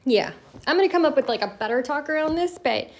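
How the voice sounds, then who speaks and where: A chatty woman talks to the camera in a casual coffee-talk style, leaning hard on her points and laughing between them. Her voice sits a little high for a woman. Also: animated, fast. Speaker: host of an education talk.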